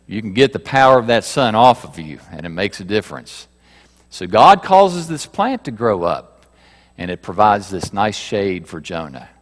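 A man preaching a sermon to his congregation, asking rhetorical questions and moving between loud emphasis and quiet asides. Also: low voice, in a large hall. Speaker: pastor.

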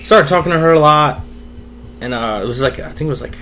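A man's voice: on the high side, quick pace, bright, forceful tone. Candid young man telling his story. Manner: candid, swears freely, acts out quoted voices. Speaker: podcast guest. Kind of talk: casual storytelling over drinks.

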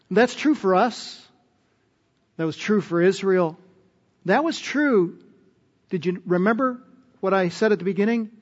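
A man's voice: fairly high pitch, a little mellow, long reverb tail, lo-fi sound. A man preaching a sermon as pastor, earnest and emphatic, often putting questions to his listeners.

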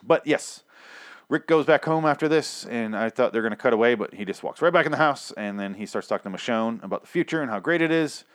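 A man talks through a TV episode in a loose, sarcastic ramble, peppered with swearing and repeated words as he restarts his thoughts. His pitch sits in the middle of the male range. The recording is dry, with no room sound around him. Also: animated, fast, no room sound. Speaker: TV episode recapper. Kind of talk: casual, profane episode recap.

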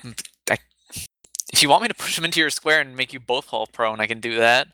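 Blunt sweary guy at the table, harsh bright voice. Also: medium pitch, a little fast. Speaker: player. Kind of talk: casual tabletop play.

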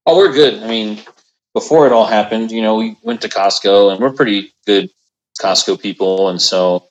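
A man's voice: fairly low pitch, normal speed, muffled recording. A man calling in remotely to a podcast, telling stories in an easygoing way full of fillers. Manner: easygoing, filler-heavy storytelling. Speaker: remote guest. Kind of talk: casual chat. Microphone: video call.

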